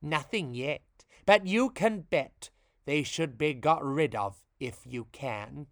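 A storybook reader voicing a shrill, indignant, prejudiced female fairy who shrieks when angry. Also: expressive, slow pace, dry recording, clean studio sound. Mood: scornful.

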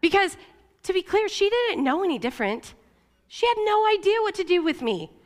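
A woman from Oregon giving a sermon, telling a personal story in an emotional, confessional way. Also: sing-song. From Oregon, USA. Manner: emotional, confessional storytelling with quick shifts in pitch. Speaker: church staff speaker.

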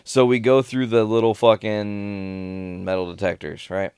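A man's voice: lowish voice, measured pace, clear, resonant tone, no echo, clean studio sound. A man in casual chat, telling stories with a lot of swearing and laughter. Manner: swearing, animated storyteller with laughs.

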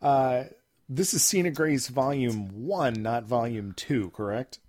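A man's voice: medium pitch, slow, a little mellow. A man co-hosting a casual podcast, teasing his partner and laughing often. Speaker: podcast co-host.

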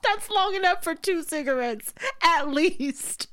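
A woman co-host chimes in with quick, profane reactions and a lot of laughing. Her voice sits very high, bright and edgy, and it moves around a great deal. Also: animated. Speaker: podcast co-host. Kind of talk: casual chat.

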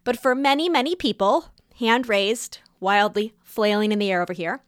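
A woman talking casually to her listeners about giving feedback, animated and laughing often as she acts out little quotes. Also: medium pitch, normal speed, dry recording, studio quality. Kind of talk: casual advice talk.

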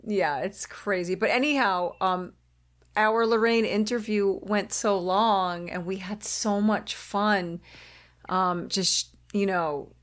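Animated new york woman in her fifties. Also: medium pitch, slow pace, no room sound, studio quality. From Queens, New York. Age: 50s. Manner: animated, swears freely. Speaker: podcast host. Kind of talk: casual chat.

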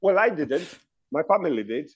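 A man's voice: a little high, big pitch swings, moderate pace, breathy edge. A man telling a casual, chatty story about hotel work over a video call, with laughs between anecdotes.

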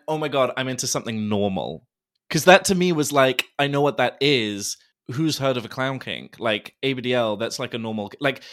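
A man hosting a podcast in casual chat, enthusiastic and quick to laugh, swearing freely. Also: mid-range voice, a bit bright. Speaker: podcast host.

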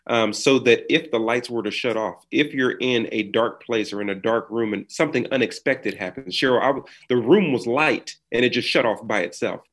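A man's voice: medium pitch, a bit bright. A man speaking as a podcast guest with an earnest, sermon-like cadence, talking from a small room over a video call. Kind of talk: preaching in conversation.

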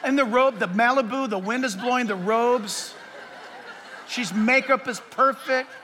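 Male pastor, quite high and forceful, preaching with humor in a reverberant sanctuary. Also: unhurried, slight background noise. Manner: lively, joking preacher who lists numbered points. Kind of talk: sermon. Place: church sanctuary with a live audience.

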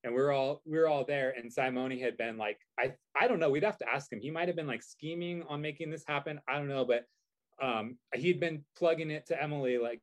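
A man's voice: medium pitch, fairly quick. A man telling a story in casual chat, rambling with many fillers and restarts. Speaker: guest.

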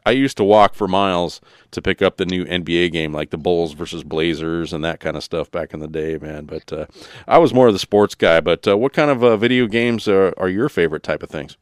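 A man's voice: deep voice, fairly quick, clean tone, no echo, studio quality. A man hosting a podcast in casual chat, rambling and loose with lots of fillers. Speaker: podcast host.

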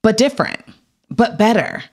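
Actress guest, woman, 30s, expressive storyteller with a wide, lively pitch range. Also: moderate pace, husky. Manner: animated, acts out quotes in raised voices. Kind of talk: casual storytelling interview.

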